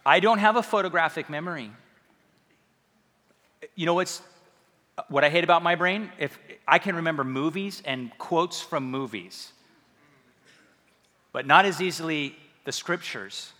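A man preaching in a church hall, his fairly high voice bright and forward. He keeps the sermon loose and conversational, poking fun at himself with easy humor. A long reverb trails each phrase through the room. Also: unhurried, long pauses. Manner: conversational and self-deprecating, with humor. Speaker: pastor.

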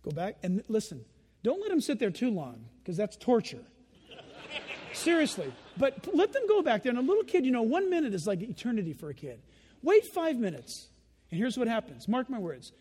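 In a church with long hall reverb, a male pastor with a high voice preaches a sermon animatedly. His delivery is brisk and slightly rough, and he slips into children's voices and chuckles along.

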